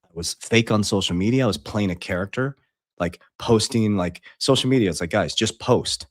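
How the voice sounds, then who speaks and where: A man's voice: on the low side, normal speed, no echo, clean studio sound. A middle-aged man, an online coach, telling a personal story to his followers in a blunt, profane, rambling way with many restarts.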